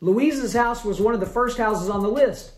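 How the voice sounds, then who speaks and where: A man chatting to camera in a casual vlog, full of excitable, dramatic exclamations. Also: sits high, moderate pace. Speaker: family vlogger. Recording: roomy echo with faint music.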